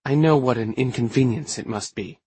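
A man's voice: mid-range voice, moderate pace, a little mellow, breathy edge, no echo, lightly acted. A man voicing a polite, earnest young woman.

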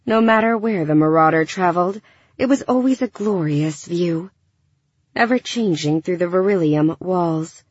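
A woman narrating a science fiction audiobook in a measured, even storytelling manner. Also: fairly low pitch, slightly rough, dry recording. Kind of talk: scripted narration. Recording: dull dry studio recording.

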